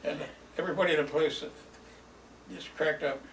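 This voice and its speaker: A man's voice: on the high side, fairly even intonation, moderate pace, a bit bright, a little hiss or hum. An older man telling memories from his youth in a rambling, chuckling way, with many fillers. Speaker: storyteller. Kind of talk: reminiscing oral history. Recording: roomy, distant mic, faint ambience.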